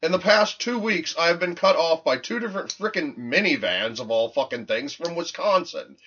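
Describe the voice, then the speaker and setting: A man's voice: fairly high pitch, normal speed, slight background noise. A man co-hosting a podcast, ranting and swearing freely in casual banter. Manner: profane, ranting, animated. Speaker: podcast co-host. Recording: muffled lo-fi podcast audio.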